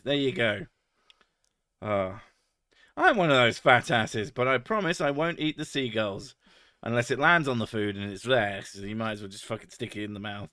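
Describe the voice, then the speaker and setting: Male streamer, crude sweary banter, middle pitch, dry close mic. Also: normal speed, pushed and bright, dry recording. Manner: sweary, crude joking, laughs often. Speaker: streamer reading chat. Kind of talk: casual live-stream chat.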